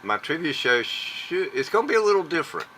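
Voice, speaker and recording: A man's voice: a little high, very animated, fairly quick, sharp tone, slight background noise, rough recording. A man with a Southern US accent chatting on a video call, folksy and chuckling as he talks about his trivia show. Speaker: guest, trivia show host. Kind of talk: casual chat on a video call.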